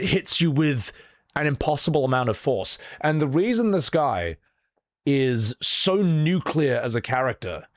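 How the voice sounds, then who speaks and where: A man hosting a casual livestream, telling a story in an animated way with lots of fillers. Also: medium pitch, no echo, clean studio sound. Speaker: show host.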